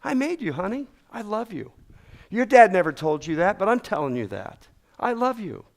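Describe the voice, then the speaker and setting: A man's voice: very high-pitched, big pitch swings, slow pace, a bit bright, pitched above the performer's own voice, exaggerated voice. A man voicing a fatherly God who gushes with folksy pride and affection. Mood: tender. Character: doting fatherly God, warm and proud.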